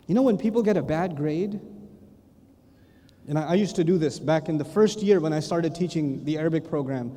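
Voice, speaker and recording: American male lecturer, high voice, mellow tone, lively storyteller acting out voices, hall reverb. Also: fast talker. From United States. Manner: animated storytelling with acted voices and laughter. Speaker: Islamic lecturer. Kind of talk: religious lecture.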